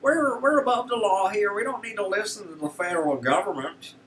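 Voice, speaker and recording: A man's voice: fairly quick, distant mic, a little hiss or hum, poor audio. Man mocking an arrogant Texas governor. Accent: put-on Texas drawl. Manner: mocking, high-pitched, loud whine. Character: arrogant male Texas governor, scornful of rules.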